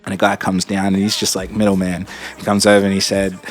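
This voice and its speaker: Blunt, low-voiced guy telling a story. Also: completely flat delivery, quick pace. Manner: blunt and profane, acts out other people's lines. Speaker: storyteller vlogger. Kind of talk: casual storytelling.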